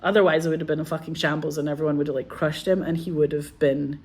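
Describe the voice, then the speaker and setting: Woman in her 30s just chatting to camera, kinda low voice, rambly, says like a lot. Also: quick pace, slightly rough. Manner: rambling, peppered with "like", animated when retelling. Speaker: actress vlogging. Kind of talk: casual storytelling to camera.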